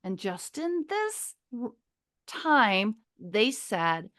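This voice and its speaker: A woman's voice: fairly high pitch, very animated, very slow, fairly bright tone. A woman in her fifties from Minnesota, a podcast guest telling a long personal story in a casual, chatty way, going off on tangents, swearing freely and laughing often. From Minnesota, USA.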